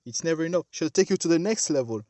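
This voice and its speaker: Man preaching, kinda high voice, keeps repeating himself and talking straight to the crowd, dry sound. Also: animated, fast, warm tone, no echo. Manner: emphatic and repetitive, addressing listeners directly. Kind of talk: sermon.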